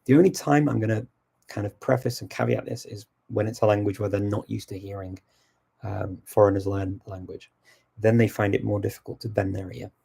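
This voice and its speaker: Low gravelly man answering viewer questions. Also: fairly quick. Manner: relaxed, thinking aloud as he answers. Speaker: language-learning channel host.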